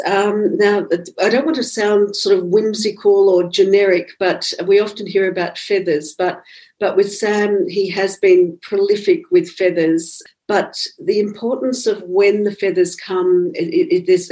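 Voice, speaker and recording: A woman's voice: fairly low pitch, low-quality recording. Woman telling a story. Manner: animated, acts out quoted dialogue. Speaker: guest, psychic medium. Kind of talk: conversational storytelling.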